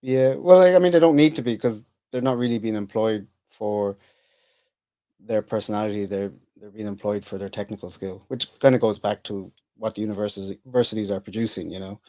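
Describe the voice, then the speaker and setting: A man's voice: fairly low pitch, steady tone, fairly quick, mellow, no room sound. A middle-aged Irish man chatting as a podcast guest, rambling and self-interrupting with dry humour. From Ireland. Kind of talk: casual interview chat.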